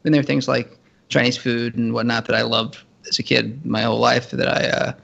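A man co-hosts a relaxed podcast conversation. He stammers and laughs easily in a mid-range voice. His audio is dull and lo-fi. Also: mid-range voice, brisk, gravelly. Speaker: podcast co-host. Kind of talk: casual podcast chat. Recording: dull lo-fi line.

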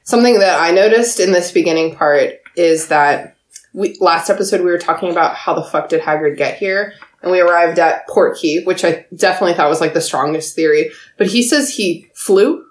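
A woman's voice: fairly low pitch, moderate pace, roomy sound. A woman co-hosting a book podcast, enthusiastic and giggly in casual chat. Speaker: podcast co-host.

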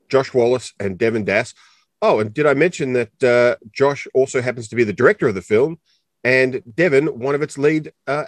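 A man's voice: medium pitch, dry recording. Chatty Australian man, very dry sound. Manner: chatty and joking, rambling with many fillers. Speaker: co-host interviewer. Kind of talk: casual interview chat.

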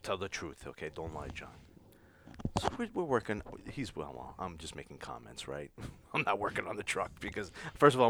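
A man telling stories in casual chat, animated, swearing and acting out quotes. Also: medium pitch, creaky, slight background noise. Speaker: podcast guest.

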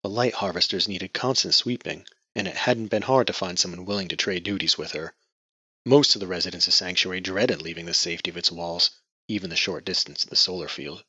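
A man narrating a novel in measured, scripted storytelling. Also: low voice, bright, forceful tone, breathy edge, no room sound. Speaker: audiobook narrator. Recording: muffled lo-fi dry recording.

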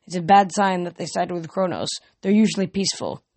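A man's voice: sits high, lively intonation, brisk, a little mellow, no room sound. A young man reading aloud, voicing a blunt, confident teenage girl in a storybook. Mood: matter-of-fact.

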